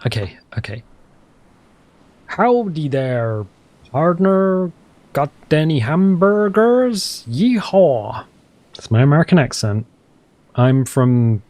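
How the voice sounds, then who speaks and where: A man's voice: mid-range voice, darkish tone, dry recording. A man casually commentating a survival game as he plays, rambling, joking at his own expense and talking to himself. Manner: rambling, self-deprecating, talks to himself. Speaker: gameplay commentator. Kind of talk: casual let's-play commentary.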